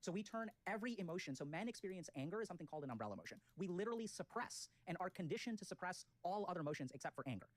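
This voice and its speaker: A man's voice: sits high, animated, rapid-fire, hardly any pauses, no echo. A man arguing his case in a casual debate, throwing rhetorical questions at the others. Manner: rhetorical, quizzes his listener.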